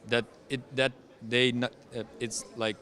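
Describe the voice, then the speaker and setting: A man from Ukraine with a Ukrainian accent, speaking English haltingly with many pauses and restarts as an interview guest. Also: medium pitch, level tone, pushed and bright. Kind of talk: conversational interview.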